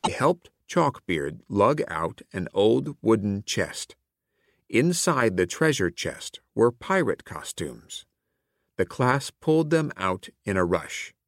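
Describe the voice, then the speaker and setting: Slow, expressive male storybook reader. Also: lowish voice, dry recording, studio quality. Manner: clear and expressive, like a teacher reading aloud. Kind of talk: read-aloud children's story narration.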